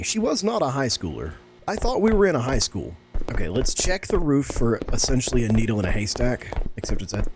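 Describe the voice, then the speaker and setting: A man giving excitable, sarcastic let's-play commentary on a horror game as a gaming YouTuber. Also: medium pitch, noisy background.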